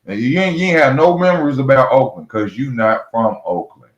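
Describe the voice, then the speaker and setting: A man's voice: mid-range voice, a little fast. Man ranting about boxing in a roomy, dull recording. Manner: blunt, mocking, repetitive, speaks straight to fighters. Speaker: boxing commentary host. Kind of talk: heated solo boxing rant.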